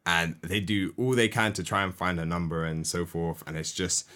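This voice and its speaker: A man hosting a podcast, casually retelling a story scene by scene with lively asides. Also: sits low, moderate pace. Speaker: podcast host. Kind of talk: animated storytelling, casual chat.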